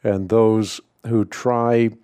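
A middle-aged man answers a caller on a radio call-in show, speaking in a measured, thoughtful way. His voice is low and mellow, recorded dry and close in a studio. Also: level tone, clear, resonant tone, no echo. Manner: measured, thoughtful, repeats words when starting. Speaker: radio Bible-answer host.

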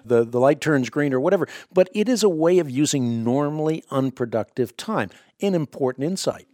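A man's voice: fairly high pitch, animated, moderate pace, mellow, no echo. A man hosting a radio interview, speaking in an earnest and emphatic way. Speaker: radio show host. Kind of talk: radio interview and promo reading.

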